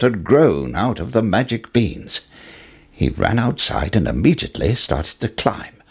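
A man narrating a children's storybook at an unhurried pace, his voice lifting and falling with the action. The tone is low and husky, with plenty of pitch movement to keep the tale lively. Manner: expressive, rising with the action. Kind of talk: storybook read-aloud narration.

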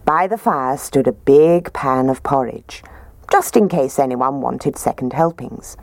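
Woman reading a bedtime story, low voice but swoops around a lot, dry close sound. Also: unhurried, vocal fry, dry recording. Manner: expressive, gentle.

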